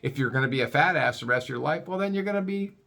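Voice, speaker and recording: Lively, rambling, stammering man. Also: a little high, rapid-fire, creaky. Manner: stammering restarts, crude and profane. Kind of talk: rambling comic rant.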